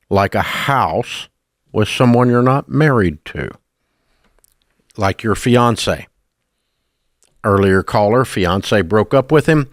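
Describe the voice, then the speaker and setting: An older man with a Southern American twang lectures his radio audience, blunt and scolding. His pitch swings widely as he hammers each point. The studio sound is dry and close. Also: dry recording. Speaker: radio show host. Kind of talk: call-in radio talk.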